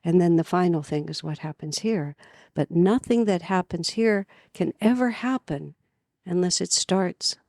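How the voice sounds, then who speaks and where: A woman from California giving an earnest spiritual talk at a retreat, telling stories with lively emphasis. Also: fairly low pitch, unhurried, gravelly, dry recording, studio quality. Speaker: spiritual teacher. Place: retreat gathering.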